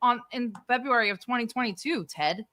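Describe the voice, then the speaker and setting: A woman's voice: a little high, pushed and bright. A woman co-hosting a stream, chatting casually and with amusement about politics. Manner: chatty, amused, fast asides. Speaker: co-host.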